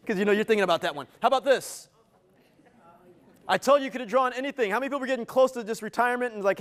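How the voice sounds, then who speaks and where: A man giving an interactive live keynote as a motivational speaker, energetic and playful, teasing his audience. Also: very high-pitched, rapid-fire. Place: event venue with a live audience.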